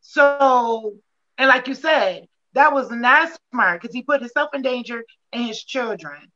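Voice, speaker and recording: A woman co-hosting a talk show, agreeing warmly with her panel and animatedly acting out her own reactions. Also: a little high, unhurried, dull audio. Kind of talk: panel discussion.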